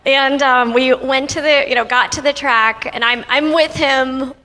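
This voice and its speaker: A woman's voice: sits high, fairly even intonation, a little slow, sharp tone. A young woman telling a personal story to an audience, chatty and laughing often, speaking into a handheld microphone in a convention hall. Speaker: guest speaker. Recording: reverberant hall.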